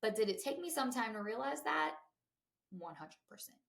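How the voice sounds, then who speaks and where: A woman's voice: fairly high pitch, lively intonation, moderate pace, creaky, fairly bright tone. A woman, hosting a podcast in a chatty, candid way, full of fillers and asides to her listeners. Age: 20s. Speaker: podcast host. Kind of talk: casual chat.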